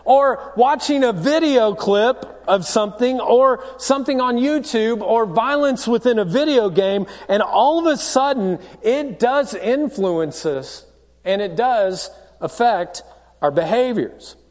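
A pastor preaching a sermon, telling a story with jokes and speaking straight to the congregation. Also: male voice, extremely high pitch, lively intonation, measured pace, long reverb tail. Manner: storytelling, joking, direct to the congregation. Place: church.

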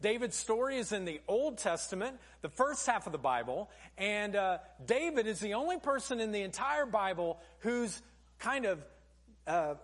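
A male pastor delivering a sermon in a high, lively voice that swings widely in pitch. He preaches in an easy, conversational way and turns often to his congregation as "folks". His delivery is expressive and engaging. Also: normal speed.

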